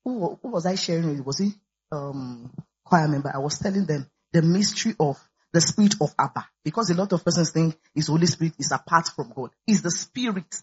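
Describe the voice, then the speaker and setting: A woman's voice: deep voice, animated, a little fast, darkish tone, husky. A woman pastor preaching a sermon, peppering her words with hallelujahs. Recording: dull lo-fi recording with faint music.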